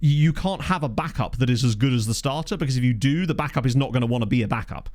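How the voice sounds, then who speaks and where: A man's voice: medium pitch, fast, a little mellow, dry recording, studio quality. A man casually commentating his own game session, chatty and thinking aloud, with jokey asides, on a desk microphone at home. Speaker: gaming YouTuber. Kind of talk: casual let's play commentary.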